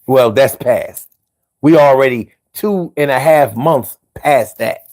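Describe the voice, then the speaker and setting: A commentator speaks straight to his viewers in a heated, profane political rant. His voice is medium-pitched, slow and darkish.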